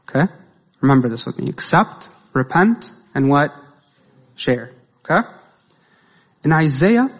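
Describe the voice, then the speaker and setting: Man preaching in a reverberant church. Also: a little high. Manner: asks the congregation rhetorical questions, lively. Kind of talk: sermon. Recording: long reverb of a large hall.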